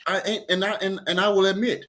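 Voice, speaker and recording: A man's voice: high voice, fairly even intonation, fast talker, a bit bright. Frank man telling stories casually. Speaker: podcast co-host. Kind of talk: casual chat.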